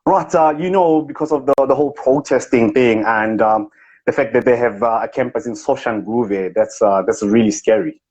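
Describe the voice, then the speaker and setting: A man's voice: mid-range voice, normal speed, a little mellow, breathy edge, close to an everyday voice. A man doing a pompous posh-voiced speaker. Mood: smug. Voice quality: put-on posh accent. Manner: grandiose, self-important bragging. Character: pompous boastful male motivational speaker. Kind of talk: comic impression in a live chat. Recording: dull lo-fi livestream audio.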